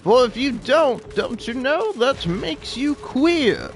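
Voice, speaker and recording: A man's voice: very high voice, big pitch swings, slow, voice pushed up, heavily acted. A man voicing a pompous, profit-obsessed male corporate boss with a haughty, theatrical manner and crude outbursts.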